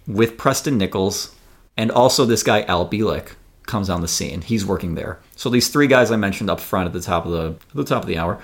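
Low-voiced guy hosting a podcast, rambly and jokey, lots of likes. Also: vocal fry. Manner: loose and jokey, lots of filler words. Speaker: podcast host. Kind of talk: casual storytelling chat.

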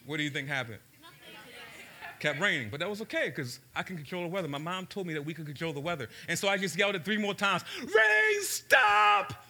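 Man preacher, high voice, bright tone, asks the crowd questions, storytelling sermon. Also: fast talker, a little hiss or hum. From Baltimore, USA. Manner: storytelling, shifts pace for emphasis. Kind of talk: sermon to a live audience.

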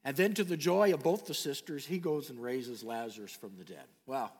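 A man preaching a sermon, animated, dropping to soft low tones when he reads scripture. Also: normal speed, husky. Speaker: pastor. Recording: long hall reverb.

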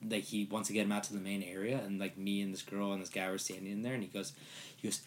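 A man in casual chat, telling a funny story with lots of fillers and swearing, acting out what people said. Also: fast. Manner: animated, swearing, acts out quotes in high voices. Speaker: storyteller recounting an escape room.

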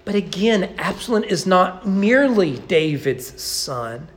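Animated male preacher with a lively voice. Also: high-pitched. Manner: expressive preaching, slowing and stressing key words. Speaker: pastor. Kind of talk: sermon. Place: church sanctuary.

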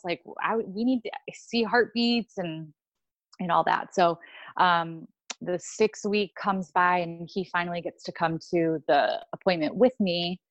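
A woman's voice: on the low side, a little slow, no echo, highs cut off. A young woman telling a personal story in casual chat, with many fillers and restarts. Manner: rambling, lots of fillers and restarts. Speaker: podcast guest.

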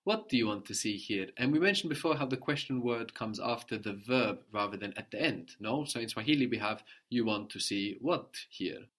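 A man's voice: on the low side, animated, a little fast, hardly any pauses, a bit bright. Patient man teaching a language lesson. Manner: patient, encouraging, prompts then repeats answers.

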